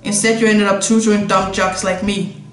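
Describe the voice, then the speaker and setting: A woman's voice: medium pitch, flat delivery, normal speed, roomy sound, over music, voice pushed down, close to an everyday voice. Woman voicing a lazy male college jock. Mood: sulky. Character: laid-back male college football jock.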